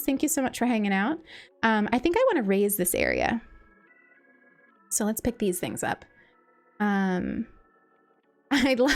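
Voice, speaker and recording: Female streamer, casual and effusive, stumbles over words, light music bed behind. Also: medium pitch. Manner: gushing and grateful, many ums and restarts. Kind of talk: casual live-stream chat.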